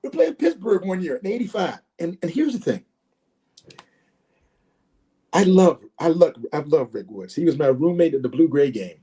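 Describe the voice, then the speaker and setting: A man in his sixties, a former football player and guest, telling stories in a lively way and often repeating words. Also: a little high, fairly quick. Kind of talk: animated storytelling.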